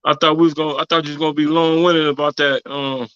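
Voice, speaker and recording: A man's voice: a little high, level tone, fast, a bit bright, clear, resonant tone, no echo, muffled recording. A man co-hosting a podcast in casual chat, laid-back and teasing. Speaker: podcast co-host.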